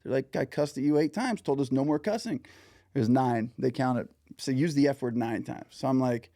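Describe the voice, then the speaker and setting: Male podcast host, mellow dark tone, dry close sound, chatty storyteller. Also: medium pitch, fairly quick, no echo. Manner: chatty, swearing anecdotes. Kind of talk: casual interview chat.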